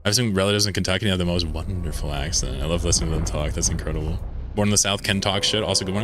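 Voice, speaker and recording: A man's voice: low-pitched, very fast, background noise. A man from the American South chatting casually with viewers while streaming a game, rambling, offhand and profane. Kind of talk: casual live-stream chat over gameplay.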